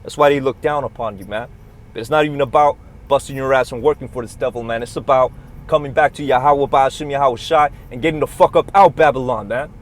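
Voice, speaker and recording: A man's voice: medium pitch, fast talker. A man preaching a heated, profane religious rant inside a moving truck, recorded on a phone. He talks in a repetitive, confrontational way. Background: engine and road noise.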